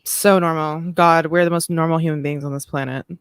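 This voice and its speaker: A woman's voice: deep voice, steady tone, brisk, clear, resonant tone, no room sound, clean studio sound. A woman co-hosting a casual podcast over a video call, laughing often and reading tarot card meanings aloud. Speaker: podcast co-host.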